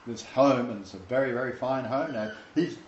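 Man, informal preacher, lively emphatic delivery, faint room ambience, lo-fi roomy recording. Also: mid-range voice, moderate pace, a little hiss or hum. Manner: animated, emphatic scripture quoting with restarts. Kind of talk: informal home-group sermon.

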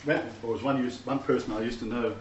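A man's voice: mid-range voice, fairly even intonation, quick pace, darkish tone. A man preaching a teaching sermon to a messianic congregation, emphatic and often asking the listeners rhetorical questions. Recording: distant, roomy, dull recording with faint background noise.

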